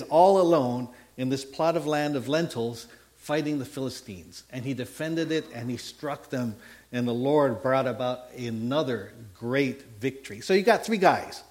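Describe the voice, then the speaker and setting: A man preaching a sermon, telling a Bible story in a folksy way, acting out the dialogue and checking in with his listeners. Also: a little high. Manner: animated storytelling, acts out biblical dialogue; folksy asides and repeated "okay?". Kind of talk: sermon with slides.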